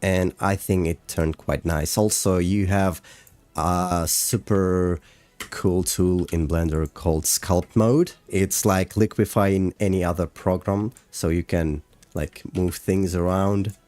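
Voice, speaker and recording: A man's voice: low voice, fairly even intonation, slow, a little mellow, dry recording. A man casually chatting on a livestream while walking through his animation work, hesitant with many fillers. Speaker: animator streaming a breakdown. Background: faint music.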